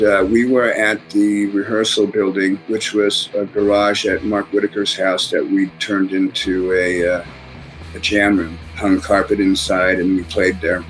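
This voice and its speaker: A man, a musician, telling a story in a casual interview, humming riffs out loud and swearing freely. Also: lowish voice, poor audio.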